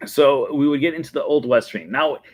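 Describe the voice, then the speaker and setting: A man's voice: mid-range voice, a little fast, no room sound. A man hosting a casual fan show, talking enthusiastically and laughing often. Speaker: host. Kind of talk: casual chat.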